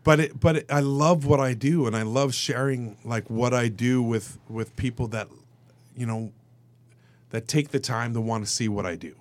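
A man, an actor guest on a radio show, telling stories in a casual, animated way and acting out the voices of the people in them. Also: mid-range voice, normal speed. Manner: animated, acts out quoted voices, turns emotional. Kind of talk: casual storytelling in a radio interview.

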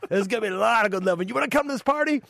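Australian man as a pushy cowboy neighbor, very high voice, loud, drawn-out, dry close sound. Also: lively intonation, gravelly, dry recording, exaggerated voice. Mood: boisterous. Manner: booming, drawn-out shouted delivery.

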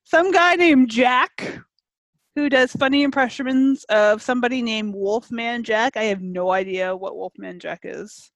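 A woman's voice: fairly high pitch, a little slow, no echo. A woman chatting casually on a podcast, giggly and full of "like". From Canada. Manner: chatty, giggly, lots of "like" and laughs. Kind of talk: casual chat.

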